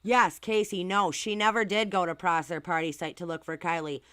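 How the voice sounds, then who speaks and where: Woman host, casual stream commentary, indignant and blunt, bright clear tone, dry close sound. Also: fairly low pitch, steady tone, normal speed, no echo. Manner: outspoken, indignant, swears and asks rhetorical questions. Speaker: channel host reading viewer comments.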